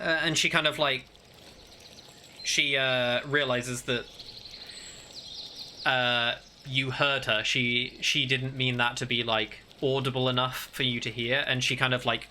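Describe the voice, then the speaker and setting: A man narrating as game master in a tabletop game, halting and full of fillers. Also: mid-range voice, steady tone, sharp tone, a little hiss or hum.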